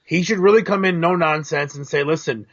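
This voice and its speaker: A man co-hosting a casual soccer talk show, explaining tactics in a measured, analytical way. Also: on the high side, dull audio. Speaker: co-host. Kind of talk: casual chat.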